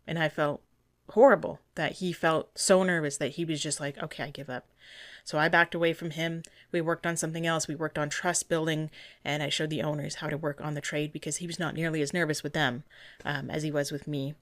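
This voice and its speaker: A woman's voice: low-pitched, flat delivery, fairly quick, a bit bright, no echo. A woman dog trainer giving earnest, indignant commentary over a training video, often restarting her sentences.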